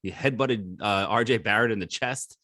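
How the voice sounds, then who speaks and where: A man's voice: on the low side, normal speed, sharp tone, dry recording, studio quality. Sarcastic, laughing man on a sports podcast. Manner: joking, sarcastic, laughs often. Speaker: podcast co-host. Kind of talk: casual sports chat.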